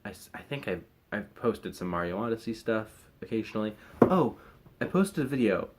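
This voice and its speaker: A man's voice: fairly low pitch, lively intonation, moderate pace, a little mellow. Rambling young man vlogging. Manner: rambling, hesitant, many fillers and restarts. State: recovering from wisdom teeth removal. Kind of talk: casual chat to camera.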